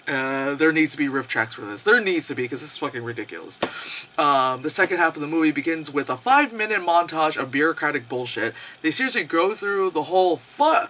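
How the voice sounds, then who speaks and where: Animated, sarcastic movie reviewer ranting. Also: medium pitch. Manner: animated, profane, sarcastic, laughs often.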